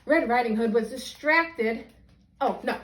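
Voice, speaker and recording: A woman teacher reading a children's story aloud, expressive and animated. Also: on the high side, measured pace, noisy background. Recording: roomy echo.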